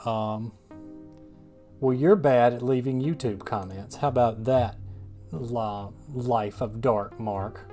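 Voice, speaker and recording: Over soft background music, a gaming-channel host gives casual gameplay commentary in a warm, medium-pitched voice at a slow pace. He rambles through viewer comments with wry, self-deprecating humor.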